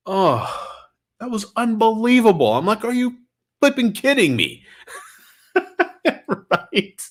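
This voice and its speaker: Animated man telling stories, slightly stuffy. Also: fairly high pitch. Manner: animated storyteller, reads and answers chat comments. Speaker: vlogger. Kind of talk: casual livestream chat.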